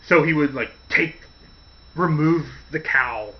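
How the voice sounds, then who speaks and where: A man's voice: a little high, takes it slowly, muffled recording. Rambling man telling stories. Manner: rambling storyteller acting out quotes. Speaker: podcast host. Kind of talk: casual chat.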